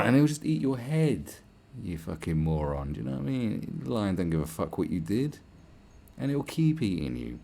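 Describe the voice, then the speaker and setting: A man's voice: sits low, very animated, normal speed, vocal fry. A man hosting a podcast, delivering a crude, sarcastic solo rant full of swearing and mocking put-on voices. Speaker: podcast host. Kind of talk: ranting monologue.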